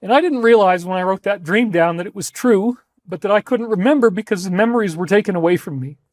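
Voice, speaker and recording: High-voiced emphatic man. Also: fast, no echo, studio quality. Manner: emphatic, repeats phrases for stress. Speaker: speaker in archived clips. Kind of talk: impassioned talk to viewers.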